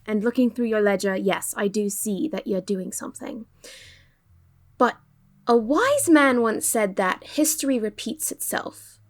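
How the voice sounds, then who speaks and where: A woman voicing a composed female ship captain who talks calmly and with pointed politeness. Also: medium pitch, a little slow. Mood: measured.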